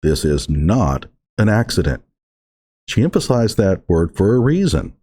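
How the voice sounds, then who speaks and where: Male commentator, low husky voice, lively swings in pitch, emphatic and sarcastic reaction talk. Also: measured pace.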